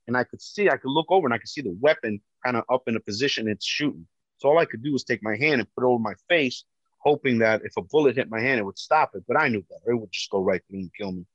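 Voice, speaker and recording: A man with a big, loud voice, a police officer giving personal testimony. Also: medium pitch, dry recording. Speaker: police officer telling his story. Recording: dull, dry lo-fi recording.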